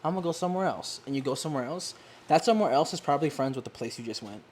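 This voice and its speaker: A woman's voice: low-pitched, rapid-fire, a little hiss or hum. A young woman, chatting casually on a couch, acting out the voices in her stories and laughing often. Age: young adult. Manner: animated storyteller, acts out quoted voices, laughs often. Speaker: guest. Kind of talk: casual chat. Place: living room, seated on a couch.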